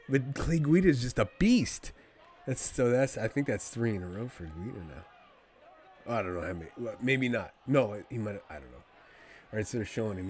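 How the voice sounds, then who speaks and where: A man calls a fight live for his stream, chatting with viewers between calls in a rambling, excitable, fan-like way. His voice sits in the mid range.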